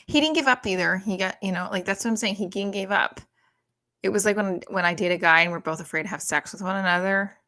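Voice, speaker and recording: A woman in her thirties doing casual, profane stand-up on a livestream, rambling with many fillers and often talking quietly. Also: on the low side, vocal fry. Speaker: stand-up comedian.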